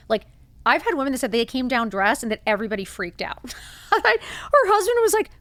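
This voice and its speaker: A woman in her forties hosting a casual motivational talk, animated and blunt, swearing freely and acting out little quoted lines. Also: fairly high pitch, brisk, dry recording. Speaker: podcast host.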